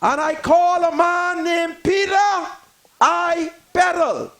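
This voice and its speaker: High, gravelly older Bahamian man preaching his point. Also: slow, low-quality recording. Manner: emphatic storyteller, preachy, rises into shouts. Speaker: guest. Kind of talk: talk radio discussion.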